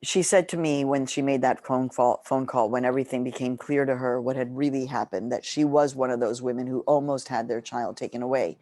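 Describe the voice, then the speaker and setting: A middle-aged woman author telling a personal story with passion, her pitch leaping up when she gets excited. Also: a little fast, hardly any pauses, no echo, clean studio sound. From Mexico. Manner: animated, impassioned storytelling with lively pitch jumps. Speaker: author and journalist. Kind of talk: book talk, personal storytelling.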